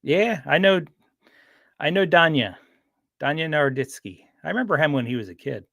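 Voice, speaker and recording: A man's voice: on the high side, expressive, normal speed, creaky, a bit bright, no room sound. A man chatting casually on a livestream, rambling with frequent restarts and fillers. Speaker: streamer.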